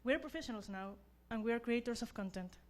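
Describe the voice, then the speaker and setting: A young woman speaks English as a second language, her voice a little high. She gives an earnest graduation speech as class representative, joking about herself and searching for words now and then. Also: darkish tone. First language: not English. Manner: earnest, self-deprecating, halting non-native phrasing.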